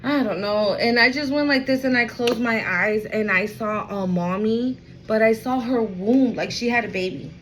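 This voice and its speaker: A woman's voice: on the high side, moderate pace, hardly any pauses, fairly bright tone, slight background noise, rough recording. A woman giving a casual tarot reading at home, talking in a chatty, slangy way full of fillers. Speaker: tarot reader.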